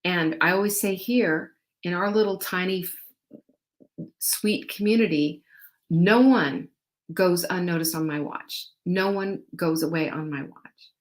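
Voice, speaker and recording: A middle-aged woman, pitched a little low, talks casually and encouragingly to her viewers as a show host. She is animated and chatty, speeding up and slowing down as she makes her points. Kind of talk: casual motivational talk to viewers.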